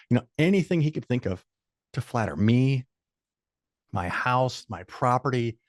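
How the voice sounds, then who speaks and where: A man's voice: medium pitch, normal speed, no echo, clean studio sound. An older man, a podcast guest, telling stories in a casual, blunt and profane way and laying out firm rules. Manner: opinionated, lays out firm rules. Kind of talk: casual storytelling in conversation.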